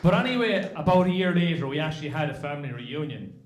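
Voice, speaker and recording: A man's voice: on the high side, sing-song, fast talker, background noise. A man with an Irish accent doing stand-up, telling a family story with plenty of swearing. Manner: swearing, self-deprecating anecdotes. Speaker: stand-up comedian. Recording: echoey club room.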